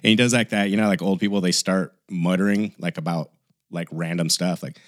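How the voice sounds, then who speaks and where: A man's voice: sits low, fairly even intonation, brisk, dry recording, clean studio sound. A man co-hosting a podcast, telling a long story in casual chat and acting out the voices of the people in it. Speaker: podcast co-host.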